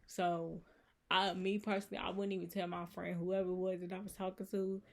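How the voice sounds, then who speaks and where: A woman's voice: on the low side, level tone, fairly quick, vocal fry. Earnest woman rambling about faith. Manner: rambling, earnest, many fillers like "you know" and "so it's like". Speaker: channel host. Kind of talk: casual faith vlog monologue.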